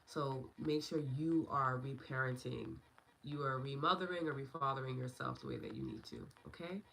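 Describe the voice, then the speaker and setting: A woman's voice: very deep voice, very animated, normal speed, vocal fry, a bit bright, low-quality recording. A woman in her thirties hosting a meditation and EFT livestream, affirming viewers and answering their comments by name in casual chat. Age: 30s.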